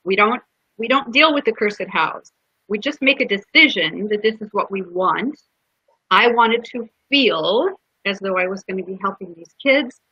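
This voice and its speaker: Bright-voiced woman guest with a husky edge, earnest and heartfelt, dry and dull lo-fi sound. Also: medium pitch, no room sound. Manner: earnest, heartfelt, with restarts and quoted dialogue. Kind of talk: personal storytelling in a podcast interview. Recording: dull lo-fi podcast audio.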